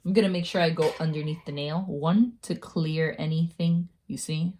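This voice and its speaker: Low, mellow-voiced woman chatting casually. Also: steady tone, normal speed, slight background noise. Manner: chatty and self-mocking, laughs at herself. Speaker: beauty vlogger. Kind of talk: casual nail-care tutorial.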